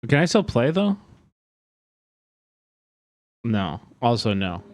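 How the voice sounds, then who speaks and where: A man's voice: medium pitch, big pitch swings, slow pace, darkish tone, no room sound. A man streaming live, telling a story in an agitated, profane way that rambles with many fillers.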